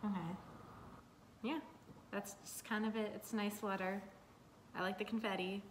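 A woman's voice: little pitch movement, moderate pace. A young woman chatting casually in a vlog, nervous and full of fillers as she opens decisions at home. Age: young adult. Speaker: vlogger. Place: home room. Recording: echoey room with faint rumble.

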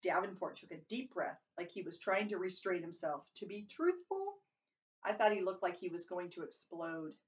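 A woman's voice: on the low side, expressive, normal speed, distant mic, lo-fi sound. Woman reading a novel aloud. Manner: plain reading with occasional stumbles and self-corrections. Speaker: reader.

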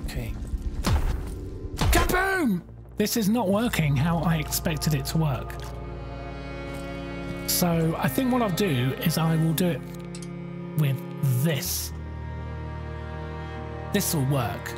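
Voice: medium pitch, expressive, takes it slowly, long pauses, music in the background. A game streamer gives bemused live commentary, thinking aloud and exclaiming at what happens.

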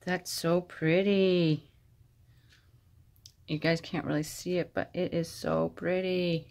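A woman vlogger casually chatting as she unboxes craft mail, gushing with gasps of delight and talking softly to her friend. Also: fairly low pitch, little pitch movement, slow pace, creaky. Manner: soft-spoken, addresses her friend directly.

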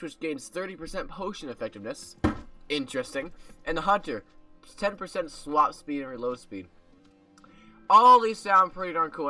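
A man's voice: on the high side, pushed and bright, far from the mic. A man casually commentating his gameplay, joking with viewers in a made-up accent he puts on. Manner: playful, joking, talks to viewers. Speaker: gaming video creator. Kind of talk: casual let's-play commentary. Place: home room.

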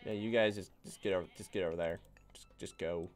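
A man's voice: low-pitched, steady tone, quick pace, faint music behind. A man streaming a strategy game, rambling casually and bossing his units around with the odd swear. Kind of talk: casual gameplay commentary.

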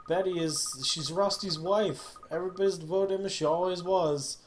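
A confiding, gossipy middle-aged neighbor woman from a storybook game, as a man reads her lines. She leans in to share her worries in a fairly high voice, sighing between them. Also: normal speed, slight background noise, close to an everyday voice. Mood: gossiping. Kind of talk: reading game dialogue aloud.

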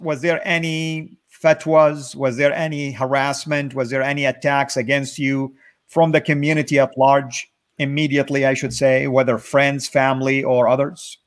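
A man hosting an interview, asking questions in a measured, affirming way. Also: medium pitch, steady tone. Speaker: host interviewer.

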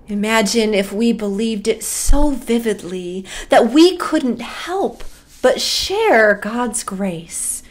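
A middle-aged woman pastor preaching a sermon and telling a personal story in a slow, storytelling way. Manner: slow, warm storytelling with lively pitch.

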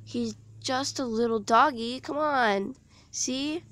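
A woman voicing a cool-headed girl who tells her friend to stay quiet, reading in a storybook. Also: sits high, slow pace, voice pushed up. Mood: calm, bossy. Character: calm bossy girl, unafraid.

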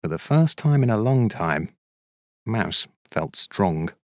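A man narrating a children's storybook in an expressive, measured, sing-song way. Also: on the low side, no room sound, clean studio sound.

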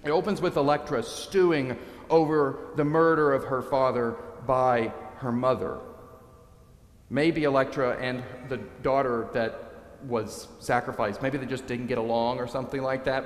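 Preacher in an echoey church. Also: male voice, medium pitch. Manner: animated storyteller, dramatizing quotes. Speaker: priest. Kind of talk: sermon. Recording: echoey church, long reverb.

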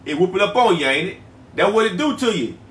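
A man hosting a livestream that sells herbal products chats loosely with viewers in a high voice with big pitch swings. He's repetitive, drawing out phrases and returning to the same ones again and again. The room is echoey, and he's a bit far from the mic.

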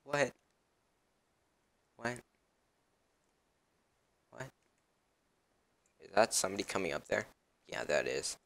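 A man's voice: fairly low pitch, big pitch swings, slow, creaky, long pauses, a bit bright. A young man casually commenting on his own gameplay as a channel host, rambling with lots of ums and uhs.

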